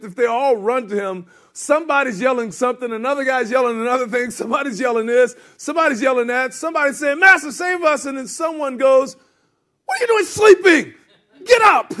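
A man preaching a sermon as a pastor, reading scripture and then acting out the disciples' voices with lively energy. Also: very high-pitched. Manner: animated, acts out the disciples' voices.

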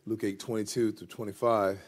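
A man preaching a sermon as a pastor, reading scripture and then acting out the disciples' voices with lively energy. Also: lowish voice, fairly quick. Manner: animated, acts out the disciples' voices.

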